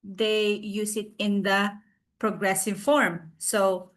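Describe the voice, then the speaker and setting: A woman presenting a recorded online class on a video call, explaining slowly with fillers and restarts. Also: mid-range voice, level tone, fairly bright tone.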